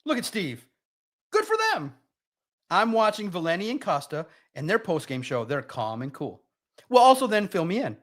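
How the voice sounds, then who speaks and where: A man's voice: sits high, very animated, moderate pace, a bit bright. A man hosting a live sports podcast, ranting bluntly and emotionally about a team's loss while reading viewer comments.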